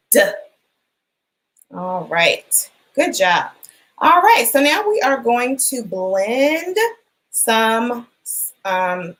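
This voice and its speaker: Woman, teacher, children's phonics lesson, sounds out each letter, encouraging, mid-pitched, unhurried. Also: a bit bright, low-quality recording. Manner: slow, clearly sounding out letters and words; encouraging, asks questions and waits.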